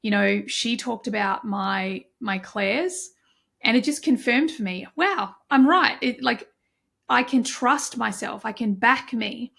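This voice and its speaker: Gravelly-edged woman podcast host. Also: fairly high pitch, lively intonation, slow pace, fairly bright tone. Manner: earnest, reflective, with many restarts and self-talk asides. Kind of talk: solo podcast talk.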